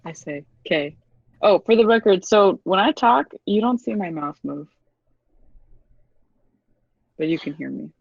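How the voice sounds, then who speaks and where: Lively player on a dull lo-fi mic. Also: medium pitch, fairly quick, vocal fry, no room sound. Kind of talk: casual tabletop play. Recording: dull lo-fi recording.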